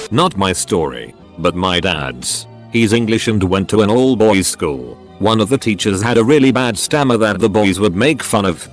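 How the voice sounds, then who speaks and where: A man doing scripted story narration in an expressive way, acting out the quoted lines. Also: lowish voice. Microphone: studio voice-over mic. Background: faint background music.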